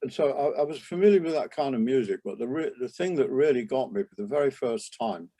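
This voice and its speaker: An older man, a jazz trumpeter, reminiscing in a relaxed interview, rambling with many restarts and asides. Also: medium pitch, quick pace. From England.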